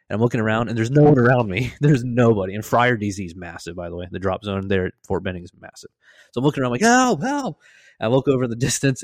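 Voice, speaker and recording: A man casually telling a story on a podcast, laughing, swearing and acting out loud shouted quotes. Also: no room sound. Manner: animated, acts out quoted voices with loud high shouts.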